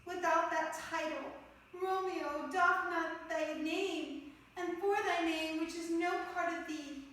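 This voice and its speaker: A devoted young Juliet speaks careful verse in a high voice, as a woman reads the part. She sounds far from the mic in a very echoey room with faint ambience behind her. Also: steady tone, slow, a bit bright, a little hiss or hum, heavily acted. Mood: yearning. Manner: reading verse lines carefully.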